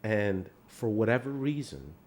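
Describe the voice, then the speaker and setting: A man's voice: on the low side, big pitch swings, a little slow, a little mellow. A man from Iran whose first language is Farsi, co-hosting a podcast in an easygoing way and often restarting his sentences. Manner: easygoing, restarts and trails off while thinking. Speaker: podcast co-host, lawyer. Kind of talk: casual conversation.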